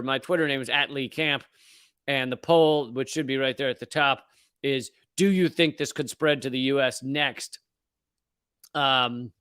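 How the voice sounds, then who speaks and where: In a clean, dry recording, this American comedian speaks with a fairly high, pushed and bright voice while hosting his live show. His commentary is a casual, sarcastic rant riffing on the news, full of mocked pronunciations, laughs, and restarts as he jokes.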